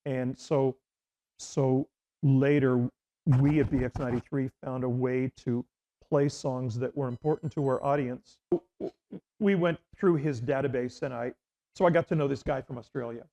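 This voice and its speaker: A man's voice: medium pitch, steady tone, normal speed, mellow. A middle-aged man from Canada, a former radio host, telling rambling anecdotes in an interview with many restarts and fillers. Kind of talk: casual interview storytelling.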